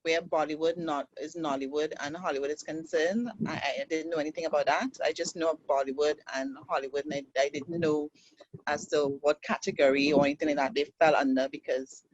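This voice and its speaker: A man's voice: on the high side, fairly even intonation, fairly quick, muffled recording, a little hiss or hum. A man in an acting class sharing what stood out to him, hesitant and restarting his sentences. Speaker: acting student.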